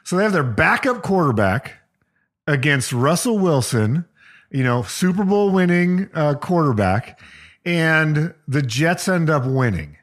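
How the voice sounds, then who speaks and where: A man with a slightly high, very lively voice leads a casual chat, telling football stories with energy. He jumps into quoted lines as he narrates, and his pitch swings widely. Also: unhurried. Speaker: podcast co-host.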